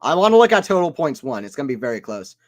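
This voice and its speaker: Man, slightly high voice, casual tennis play-by-play, chats with viewers, excitable on big shots. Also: fast talker. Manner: chatty, reads chat aloud between points. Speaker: watchalong stream commentator.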